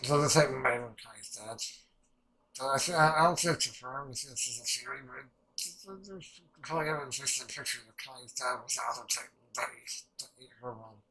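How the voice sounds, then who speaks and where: Young man, bright forceful voice, excitable, profane, rambling reaction commentary. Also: medium pitch, a little fast, poor audio. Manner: excitable, rambling, heavy swearing. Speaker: anime reaction channel host.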